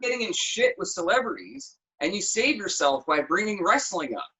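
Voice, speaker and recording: A man's voice: high voice, big pitch swings, moderate pace, sharp tone, husky, poor audio. A man hosting a casual podcast, teasing his guest with short interjections. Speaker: podcast host. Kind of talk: casual chat.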